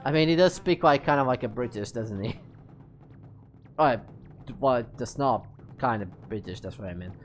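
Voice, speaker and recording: Low-voiced joking woman streamer. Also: moderate pace, pauses often. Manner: joking, self-deprecating. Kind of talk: casual gameplay commentary.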